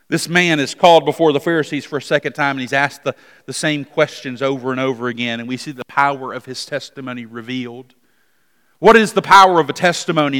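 High-voiced preacher in a reverberant hall. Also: male voice. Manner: dramatic, swings from hushed to emphatic. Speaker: pastor. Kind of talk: sermon reading scripture.

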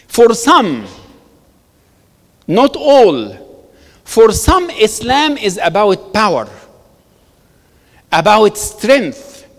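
A man giving an emphatic public talk to an audience, repeating words for stress and telling stories. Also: high voice. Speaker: speaker answering audience questions. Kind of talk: animated public talk with storytelling. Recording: long reverb of a hall.

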